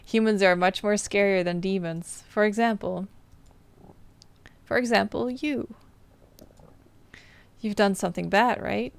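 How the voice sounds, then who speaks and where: A woman's voice: medium pitch, fairly even intonation, a little slow, creaky, pauses often, smooth, no echo. A woman voicing a hungry, mocking demonic eye creature in a horror game, reading its lines with a menacing, taunting manner.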